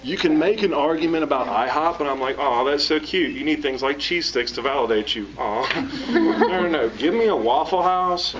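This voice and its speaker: A man's voice: fairly high pitch, moderate pace, background noise. Joking man far from the mic. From American South. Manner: joking, animated storyteller. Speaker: author and teacher. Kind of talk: author talk to a live audience. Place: room with a live audience. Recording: distant mic with audience around.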